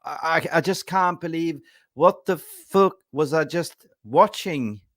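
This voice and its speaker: A man hosting a football fan channel, ranting with excited emotion. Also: fairly high pitch, takes it slowly, no echo, clean studio sound.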